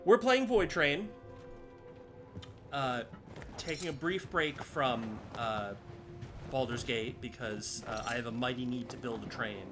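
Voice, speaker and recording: A man streaming a game live, chatting casually and scattered with viewers, swearing now and then. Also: mid-range voice. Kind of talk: casual gameplay commentary. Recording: music playing behind.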